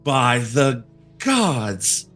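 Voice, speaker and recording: A man's voice: mid-range voice, very animated, drawn-out words, fairly bright tone, soft background music, heavily acted. A man voicing an emotional lion woman who runs a lantern shop, gushing and clingy, in a tabletop game. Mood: welcoming. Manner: effusive, tearful, clingy.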